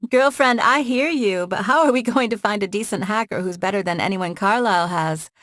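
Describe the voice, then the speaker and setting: A woman's voice: medium pitch, a little fast, a bit bright, no echo, clean studio sound, voice pushed up, lightly acted. A woman voicing a playful young con-artist woman in an audiobook, talking in a breezy, teasing way.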